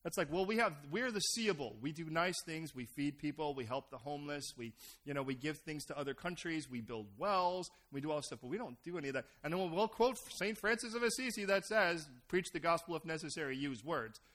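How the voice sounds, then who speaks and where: A middle-aged American man preaching a sermon as pastor, animated and acting out other people's voices. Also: on the high side, a little fast, hardly any pauses. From United States.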